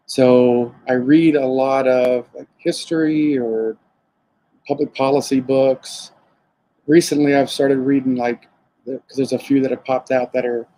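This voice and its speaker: Southern man, dark mellow tone, easygoing guest who chuckles at himself, video-call sound. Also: medium pitch, low-quality recording. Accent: Southern American twang. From South Florida, raised in Alabama. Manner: relaxed, chatty, self-deprecating with chuckles. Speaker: distillery owner, guest. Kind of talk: casual live-stream interview.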